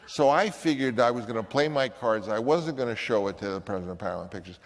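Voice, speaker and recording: A man's voice: mid-range voice, quick pace. Older man telling a story with reverb. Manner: animated, acts out the voices of others. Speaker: filmmaker recounting a story. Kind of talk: anecdotal storytelling.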